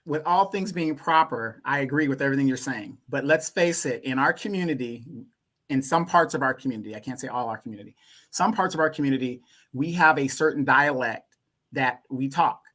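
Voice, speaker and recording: A man from Louisiana, a guest on a talk show, speaking bluntly and animatedly. His pitch jumps up when he makes a point. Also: a little fast, a bit bright. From Louisiana, USA. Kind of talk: casual opinion talk.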